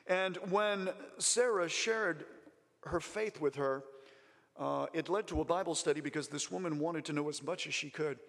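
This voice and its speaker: A man's voice: a little high, moderate pace, vocal fry, fairly bright tone. A man preaching a missionary report, fervent, stumbling over restarts and breaking into praise. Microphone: presentation mic in front of an audience. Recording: long reverb in a large hall.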